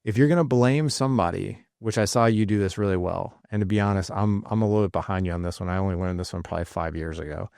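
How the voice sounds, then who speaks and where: A man's voice: sits low, quick pace, vocal fry, few pauses, darkish tone, dry recording, clean studio sound. A man in his late forties hosting a podcast, telling a personal story in a casual, rambling way with fillers and restarts. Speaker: podcast host.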